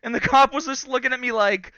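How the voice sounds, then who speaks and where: A man in his thirties hosting a podcast, telling a story casually and in an animated way, acting out the quotes. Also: extremely high pitch, fast talker, smooth, no echo, highs cut off. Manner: animated storyteller, acts out quotes and laughs often. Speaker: podcast host.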